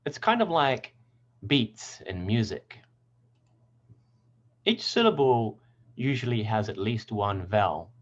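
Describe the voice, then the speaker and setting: A man teaching English pronunciation in a scripted lesson, speaking clearly and deliberately and stressing example words. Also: lowish voice, sing-song, lo-fi sound.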